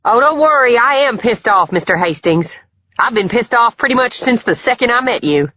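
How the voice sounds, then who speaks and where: A man voicing an exasperated young female federal agent in an audiobook, his voice raised high and sharp. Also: a little fast, husky, no echo, dull audio. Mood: furious. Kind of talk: audiobook character voice.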